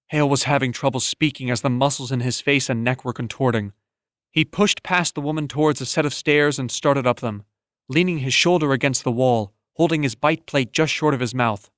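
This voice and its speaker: Male audiobook narrator, steady and measured, mid pitch, dry close mic. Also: no room sound. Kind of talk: scripted narration.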